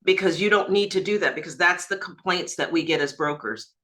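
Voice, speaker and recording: A woman broker leading a group training on a video call, emphatic and lively, laughing easily as she coaches agents. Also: on the low side, fairly quick, rough recording.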